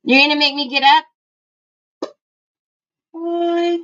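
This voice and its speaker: A woman's voice: high voice, fairly even intonation, slow, a bit bright, lo-fi sound. A woman hosting a casual crafting livestream, chatting to viewers and calling out to her family as she works. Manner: chatty, breaks off to call to family.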